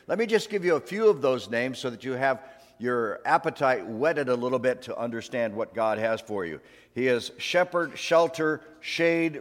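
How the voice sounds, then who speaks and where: A male pastor preaching a sermon in a church, talking in a conversational way and leading the congregation in call-and-response. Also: mid-range voice. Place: church sanctuary. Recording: long hall reverb.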